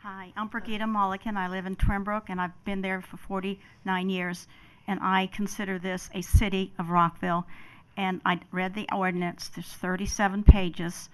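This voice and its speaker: A woman's voice: medium pitch, little pitch movement, normal speed, smooth. Emphatic older woman testifying. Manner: emphatic, emotional, repetitive. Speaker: resident testifying at a public hearing. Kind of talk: public hearing testimony.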